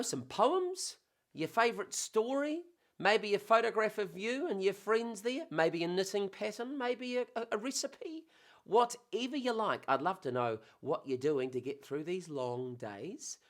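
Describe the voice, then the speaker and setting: Animated, slow-talking New man. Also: sits high. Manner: playful, animated, rambling. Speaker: host. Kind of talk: casual chatty monologue.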